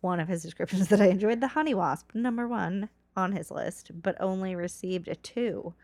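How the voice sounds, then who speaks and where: A woman's voice: medium pitch, normal speed, darkish tone, dry recording. A woman from California, co-hosting a podcast in casual, giggly chat that trails off with fillers. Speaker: podcast co-host.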